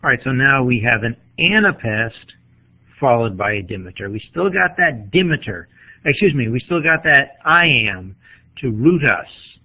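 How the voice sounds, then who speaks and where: A man gives a measured literature lecture, explaining step by step and pausing to collect his thoughts. His voice sits at an ordinary middle pitch. The recording is thin and tinny, like a phone line. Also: big pitch swings. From New England. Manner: measured, explanatory, pauses to think. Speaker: literature teacher.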